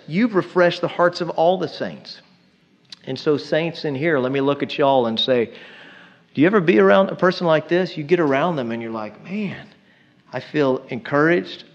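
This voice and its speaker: Pastor preaching, dull lo-fi sound. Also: male voice, fairly high pitch. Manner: animated storytelling, addresses congregation as y'all. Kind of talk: sermon.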